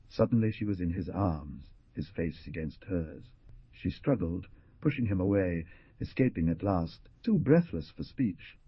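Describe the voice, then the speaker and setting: A man narrating an audiobook in a dramatic style, with a husky voice and lively delivery of the characters' lines. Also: sits low, unhurried, dry recording. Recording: dull, muffled studio recording.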